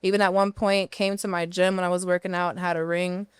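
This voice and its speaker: Philly woman in her thirties, podcast guest, lowish voice, very smooth and dry, blunt and profane storyteller. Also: level tone, quick pace, dry recording. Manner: candid and profane, tells her story at length. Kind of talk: casual storytelling interview.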